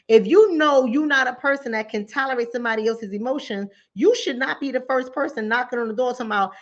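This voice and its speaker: Her voice is high and animated, a bit quick, with barely any pauses, as she hosts a talk show about mental health. She voices callers and then her own replies in casual, emphatic commentary, driving points home through repetition. It's a dull lo-fi recording.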